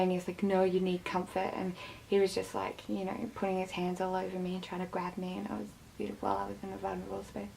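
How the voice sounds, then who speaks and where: Gravelly flat-voiced woman recounting. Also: medium pitch, fast, a little hiss or hum, poor audio. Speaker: interviewee. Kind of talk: personal testimony.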